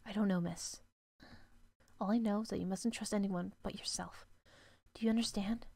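A woman voicing a stern, secretive guardian who commands in a low, clipped voice and sometimes whispers. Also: steady tone, normal speed, gravelly, darkish tone, husky, no room sound. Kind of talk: voicing game dialogue.

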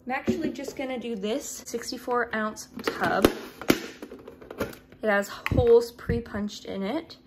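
A woman's voice: a little high, slight background noise. A young woman chatting casually in a vlog as she sets up a pet enclosure, apologetic and a little flustered. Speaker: reptile keeper vlogger.

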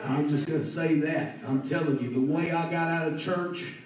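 A man preaching a sermon and telling a personal story, fervent and building to loud emphatic peaks. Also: fairly high pitch, normal speed, a crowd in the background. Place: church sanctuary. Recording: echoey church from a distance.

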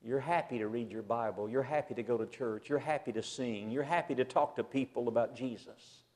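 A man preaching a sermon to a church assembly, swinging from loud emphasis to a hushed near-whisper. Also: medium pitch, brisk.

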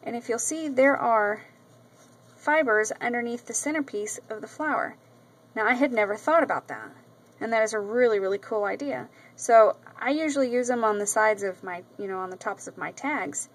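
Woman crafting vlogger, slightly high voice, chatty and effusive, loose casual delivery into the camera. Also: expressive, normal speed, poor audio. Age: adult with a daughter. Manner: chatty, gushing, with many ums and repeats. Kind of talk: casual show-and-tell vlog. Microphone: camera mic.

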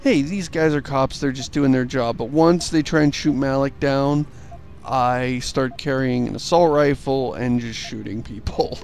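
A man's voice: mid-range voice, steady tone, a little slow, darkish tone, soft background music. A man co-hosting a casual game commentary show, chatty and joking with rambling asides.

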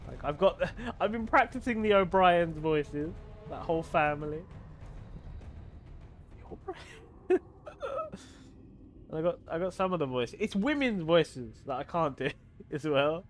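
A man's voice: on the high side, expressive, normal speed, faint music behind. A man streaming a video game, chatting casually with viewers, swearing freely and laughing often. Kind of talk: casual gaming stream chat.

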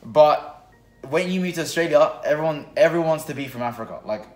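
Young man for a family vlog; loose, filler-heavy storytelling, roomy sound with soft music. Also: on the high side, expressive, brisk. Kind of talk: casual family chat. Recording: roomy room with faint music.

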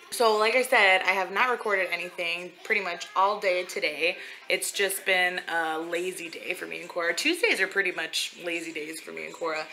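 Bright-voiced young woman vlogging. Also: on the low side, slight background noise, poor audio. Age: 20s. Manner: chatty, animated talk to a toddler. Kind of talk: casual family vlog.

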